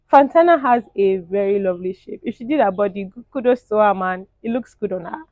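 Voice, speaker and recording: A young woman, giving animated, opinionated casual commentary as a show reviewer and laughing often. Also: medium pitch, normal speed, no room sound.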